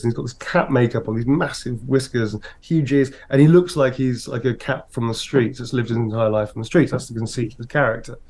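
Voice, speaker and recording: Actor telling animated stories. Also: male voice, medium pitch. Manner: lively, animated storyteller who acts out voices. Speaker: actor and guest. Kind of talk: interview storytelling.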